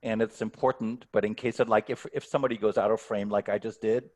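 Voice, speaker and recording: Male guest coach on a video call, low voice, reflective, stumbles into his sentences. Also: steady tone, fast talker, darkish tone. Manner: thoughtful, repeats words when starting sentences. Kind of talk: online workshop Q&A.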